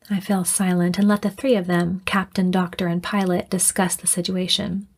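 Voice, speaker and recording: A woman narrating a first-person audiobook in an even, measured reading. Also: fairly low pitch.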